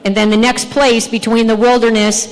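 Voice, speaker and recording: A woman's voice: a little high, little pitch movement, normal speed. A woman giving a church health talk, earnest and asking her listeners questions. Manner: earnest, asks the audience questions. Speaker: health speaker. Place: church hall. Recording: long hall reverb.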